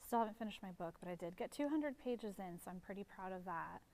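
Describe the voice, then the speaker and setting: A woman's voice: mid-range voice, quick pace. Gushing woman vlogger in a vintage shop. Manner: excitable and gushing, easily emotional. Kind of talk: casual chatty vlog. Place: small vintage shop indoors.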